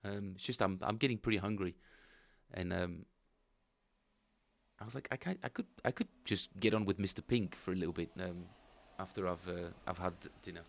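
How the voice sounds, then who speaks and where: A man chatting casually with viewers while streaming his bass practice, rambling and thinking aloud. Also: normal speed, creaky, no echo. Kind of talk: casual livestream chat.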